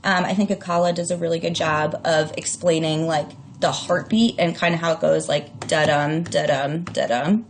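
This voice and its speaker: A woman's voice: lowish voice, level tone, normal speed, hardly any pauses, slight background noise. A woman teacher giving a casual recorded distance-learning lesson, with lots of fillers and self-corrections. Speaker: English teacher.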